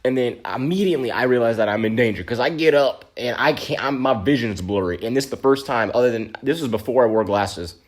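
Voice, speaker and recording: A man telling a story in a casual vlog monologue, animated and dramatic, with slangy asides. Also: mid-range voice, fast, hardly any pauses.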